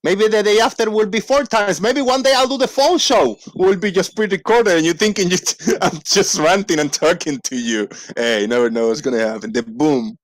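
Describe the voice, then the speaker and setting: A man hosting a casual livestream, rambling playfully and reading out shout-outs to viewers. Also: high-pitched, normal speed, hardly any pauses, no echo. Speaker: livestream host. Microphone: desk microphone.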